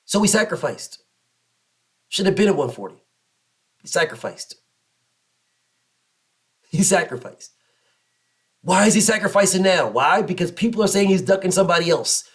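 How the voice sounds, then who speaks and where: Male host, slightly high voice, emphatic and repetitive commentary rant. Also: expressive, fairly quick. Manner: emphatic, repetitive, mocks others in low put-on voices. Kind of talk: passionate solo commentary rant.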